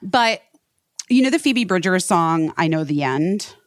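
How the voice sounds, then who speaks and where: Brief: woman host, lowish voice, dry close sound, rambling casual talk full of "like" and curse words. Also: animated, measured pace, no room sound. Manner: rambling, swears freely, many fillers. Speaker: podcast host. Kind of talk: casual chat.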